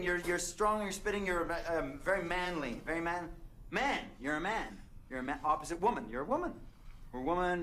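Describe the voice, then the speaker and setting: A man's voice: fairly high pitch, a bit bright, slight background noise. An actor playing a flustered male fiancé in a comedy film, stammering and guessing in a rush, with many fillers. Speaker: groom-to-be.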